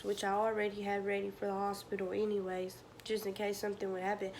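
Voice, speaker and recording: A young woman speaks to her camera in an ordinary middle pitch, emotional and halting. Her voice at times sinks to a whisper, and a faint hiss sits under the recording. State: tearful. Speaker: vlogger. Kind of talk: personal storytelling to camera.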